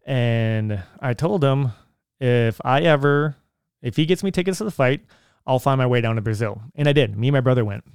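A man's voice: medium pitch, lively intonation, moderate pace, a little mellow, clean tone, no echo, clean studio sound. A man telling personal stories and giving advice casually, rambling with many restarts. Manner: rambling, with frequent restarts and filler words. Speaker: vlogger.

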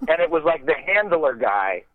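A man telling a long story in a loose, rambling way, swearing often and laughing at himself. His voice sits a touch high. The sound is dry and tinny, like a phone call. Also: very animated, moderate pace, no room sound. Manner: rambling, profane, self-deprecating, heavy use of "like". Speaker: podcast guest storyteller. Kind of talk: casual storytelling.

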